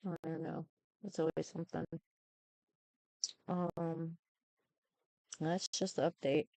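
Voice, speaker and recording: A woman talking to camera in a casual update, halting and subdued with many ums, close to tears. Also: low voice, level tone, mellow, dry recording, poor audio. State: tearful, close to crying. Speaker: YouTuber giving an update.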